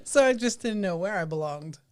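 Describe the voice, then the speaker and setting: Smooth-voiced woman co-hosting a live chat. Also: fairly low pitch, animated, fairly quick, a little mellow. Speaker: co-host. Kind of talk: casual live-stream chat.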